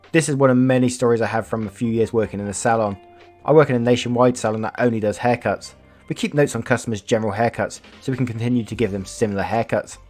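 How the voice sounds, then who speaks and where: A man's voice: medium pitch, darkish tone. A man reading online stories aloud as a YouTuber, casual, swearing, breaking off to react and comment. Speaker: storytelling YouTuber.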